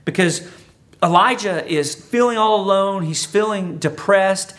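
A pastor preaches in a loose, talkative way, joking through an old story before applying it to everyday life, as though chatting with the congregation rather than lecturing. His voice sits a little higher than most men's, with a fairly bright tone and a slightly slow pace.

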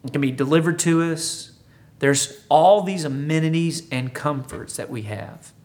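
A man delivering a sermon in a loose, talkative manner, joking his way through an old story before turning it toward everyday life. His voice sits a little higher than most men's. He sounds like he is chatting with the congregation rather than lecturing them. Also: unhurried, darkish tone. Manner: conversational, humorous storytelling. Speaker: pastor.

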